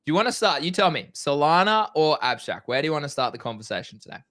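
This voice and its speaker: A young man co-hosting a casual crypto trading live stream, energetic and slangy. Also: fairly high pitch, fast talker, no room sound. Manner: energetic, excitable, slangy, swears.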